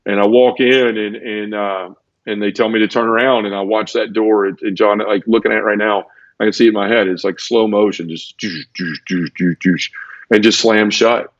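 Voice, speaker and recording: This podcast guest, a man whose voice sits on the low side, keeps a level tone and a brisk pace as he recounts his personal testimony with emotion, repetition, and acted-out sound effects. The lo-fi podcast audio sounds dull but has no echo.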